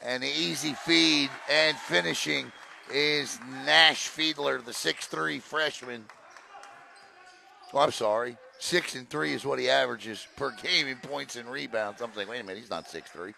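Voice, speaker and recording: A man calling a high school basketball game play by play, excitable on big plays and joking between them. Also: a little slow, vocal fry, a little hiss or hum. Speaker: play-by-play announcer. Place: gym broadcast position.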